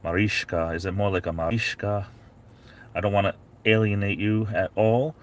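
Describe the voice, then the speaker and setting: A man chats casually on a live stream from inside his parked SUV. His voice sits on the low side, and he rambles easily and greets viewers one by one by name. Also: fairly even intonation, brisk. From New England.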